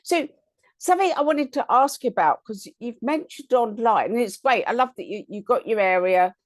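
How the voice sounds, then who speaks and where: A woman's voice: on the high side, animated, normal speed, dry recording. A woman hosting an interview in casual chat, telling anecdotes and asking eager questions. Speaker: host.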